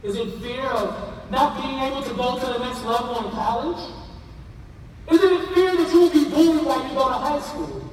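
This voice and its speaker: A man preaching a sermon with passion, rising to shouts and calling on the congregation to answer. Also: very high-pitched, normal speed, far from the mic, a little hiss or hum. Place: large church hall. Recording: echoey hall, voice from afar.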